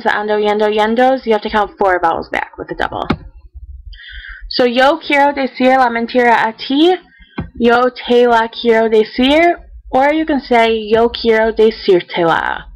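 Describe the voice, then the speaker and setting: Female teacher with a slightly high voice, for a calm step-by-step recorded lesson. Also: low-quality recording. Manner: methodical, counting out steps; reads example sentences slowly. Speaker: Spanish teacher.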